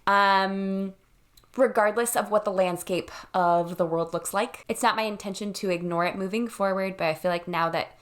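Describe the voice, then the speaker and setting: A woman's voice: mid-range voice, fairly even intonation, normal speed. A woman in her thirties, a wedding planner, talking earnestly and reassuringly to camera from her home. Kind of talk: direct-to-camera vlog.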